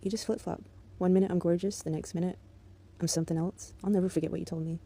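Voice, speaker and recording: Dark, flat-voiced woman venting with contempt. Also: on the low side, fast. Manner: bitter, contemptuous and profane, in a controlled steady voice. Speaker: vlogger. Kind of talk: angry monologue addressed to an ex.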